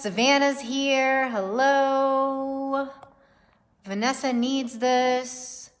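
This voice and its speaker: Chatty, swearing woman doing tarot live. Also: a little high. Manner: chatty, swearing, laughing often. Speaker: tarot reader. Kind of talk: casual livestream tarot reading.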